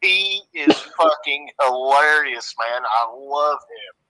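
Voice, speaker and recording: A man's voice: mid-range voice, slow, bright, forceful tone, low-quality recording. A man with a Southern US accent calling into a live stream, casual and laid-back, laughing often and swearing freely. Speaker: caller. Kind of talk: casual chat.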